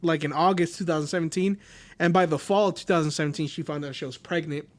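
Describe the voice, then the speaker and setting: High-voiced man narrating a true-crime case. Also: fairly even intonation, quick pace. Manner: reads case notes loosely, swears, laughs often. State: sick, under the weather. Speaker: podcast host. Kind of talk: casual true-crime chat.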